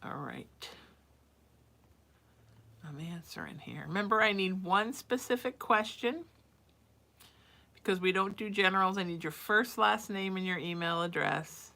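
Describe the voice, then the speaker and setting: A woman's voice: lowish voice, unhurried, creaky, long pauses, sharp tone. Chatty psychic woman on a live stream. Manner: chatty, calls viewers sweetie and sweetheart; reads viewer messages aloud then answers. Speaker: psychic giving live readings. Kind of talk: casual live-stream advice.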